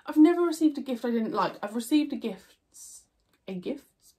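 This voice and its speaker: A woman's voice: high voice, expressive, measured pace, mellow. A young woman chats through a viewer Q&A, her voice stuffy and nasal from congestion. She rambles easily, full of "um" and "like," and often stops to correct herself. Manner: chatty, rambling, with fillers and self-corrections. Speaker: YouTuber answering viewer questions. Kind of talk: casual Q&A chat.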